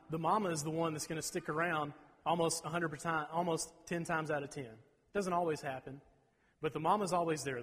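A man in his thirties preaching a sermon, folksy and rambling, clearing his throat between asides. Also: fairly high pitch. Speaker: pastor. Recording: reverberant hall.

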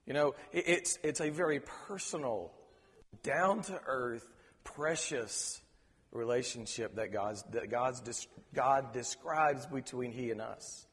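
A man preaching a sermon, earnest and halting, often repeating words as he searches for them. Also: mid-range voice, long reverb tail. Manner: preacher quoting scripture in reverent tones. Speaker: pastor.

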